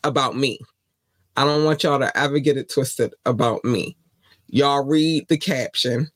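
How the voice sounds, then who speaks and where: A man's voice: mid-range voice, fairly even intonation, measured pace, a bit bright, no echo. A man from Baltimore with a Baltimore accent, hosting a podcast in a casual monologue, passionate and defiant, repeating his points. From Baltimore, USA. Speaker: podcast host.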